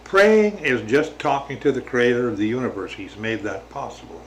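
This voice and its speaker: A man giving a slow, halting, casual spiritual reflection to his viewers, with many pauses and restarts. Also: medium pitch, sing-song, a little hiss or hum. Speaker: religious vlogger.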